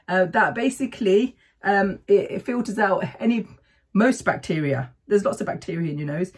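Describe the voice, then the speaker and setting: A woman's voice: medium pitch, darkish tone, breathy edge. A middle-aged woman talking casually to camera, sharing breathing tips in a chatty way and often checking in with "okay?". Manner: chatty, keeps adding "okay?". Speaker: vlogger sharing health tips. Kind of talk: casual advice talk to camera.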